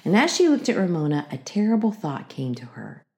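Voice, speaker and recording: A woman narrating a children's book aloud with expressive storytelling. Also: fairly low pitch, a little fast. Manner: expressive storytelling with acted character voices.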